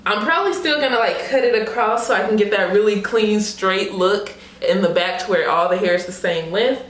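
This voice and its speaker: A woman's voice: mid-range voice, a little fast, a little hiss or hum. Young woman vlogger all hyped up about a wig, slangy and laughing, kinda echoey room. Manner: excited, laughing, animated; casual slangy talk, many fillers. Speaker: beauty vlogger. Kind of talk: wig unboxing vlog. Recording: roomy echo.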